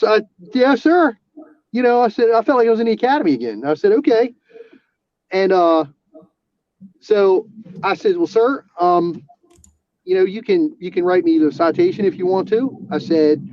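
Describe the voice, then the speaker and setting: A man, an auxiliary police officer, telling a personal story in casual talk, halting with restarts and fillers. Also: high-pitched, no room sound. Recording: dull lo-fi sound.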